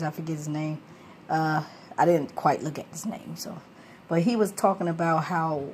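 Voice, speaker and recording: Woman rambling about the bible late at night, lowish voice, faint hum behind. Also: a little mellow. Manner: rambling, many fillers and restarts.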